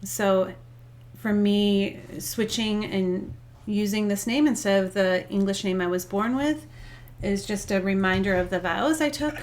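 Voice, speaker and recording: A woman in her forties, a yoga teacher, chatting casually over lunch in a relaxed, thoughtful way. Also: medium pitch, unhurried. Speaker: guest, yoga instructor. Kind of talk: casual chat while eating. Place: indoors, eating lunch.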